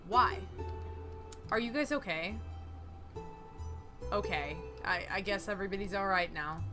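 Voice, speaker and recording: A young woman hosting let's play commentary, chatty and expressive, reacting out loud with yelps and the odd swear. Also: mid-range voice, normal speed, pauses often. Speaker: gaming channel host. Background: game music.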